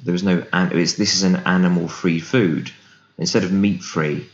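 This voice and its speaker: A man's voice: sits low, normal speed. A man, a business founder, chatting casually as an interview guest and acting out what people said to him. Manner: animated storyteller, acts out quoted voices. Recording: roomy, dull remote recording.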